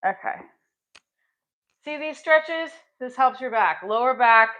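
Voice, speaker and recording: Slow, chatty woman working out on a livestream. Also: high-pitched, expressive, sharp tone, dull audio. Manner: chatty, talks while exercising, with small effortful grunts. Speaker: livestream host. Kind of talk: casual livestream chat.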